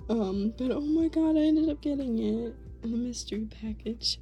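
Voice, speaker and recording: A woman's voice: a little high, normal speed, few pauses, dark tone, soft background music. A young woman chatting casually in an unboxing vlog, gushing and gasping, full of fillers, sometimes dropping to a whisper. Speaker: vlogger.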